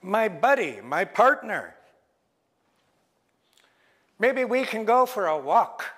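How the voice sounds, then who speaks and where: A man's voice: high voice, very animated, slow pace, fairly bright tone, in a large hall, pitched above the performer's own voice, heavily acted. A man doing a wheedling trickster raven. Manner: coaxing, overly friendly. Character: hungry sly male raven trickster, wheedling.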